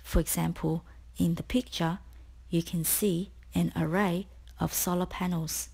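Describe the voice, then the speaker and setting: A woman tutor reading a scripted spelling lesson, explaining each word slowly and clearly. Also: lowish voice, fairly even intonation, mellow. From Australia. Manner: slow, clear, deliberate explanations.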